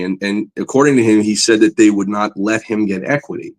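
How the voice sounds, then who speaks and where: A man's voice: on the low side, a little fast. Enthusiastic man telling stories. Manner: enthusiastic, animated, many fillers. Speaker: guest, comic book artist. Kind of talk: casual interview storytelling.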